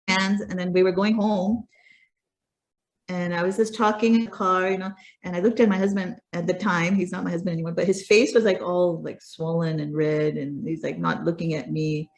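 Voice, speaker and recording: A middle-aged woman speaks with an American accent that has picked up a Pakistani tinge. She talks as an interview guest, loose and conversational, with lots of fillers and restarts. Her pitch sits in an ordinary middle range. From United States. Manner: chatty, with frequent fillers and restarts. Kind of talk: casual conversational storytelling.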